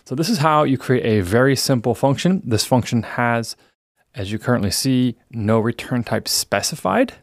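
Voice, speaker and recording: A man teaching a programming lesson in a relaxed, explanatory way, reading the program output aloud as he works through the code. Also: mid-range voice, normal speed, no room sound, studio quality. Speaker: programming instructor. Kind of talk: screencast coding lesson.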